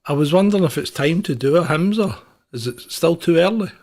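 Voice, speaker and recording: An easygoing man co-hosting a casual news chat, with a slightly high voice. He laughs often and keeps things light. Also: animated, brisk, darkish tone. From Scotland. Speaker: co-host.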